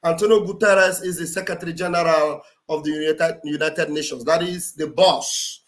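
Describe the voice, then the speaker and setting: A man's voice: a little high, steady tone, moderate pace. A man hosting a livestream, giving impassioned, preachy commentary in an emphatic, repetitive way. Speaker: livestream host and political commentator. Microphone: computer mic on a live stream.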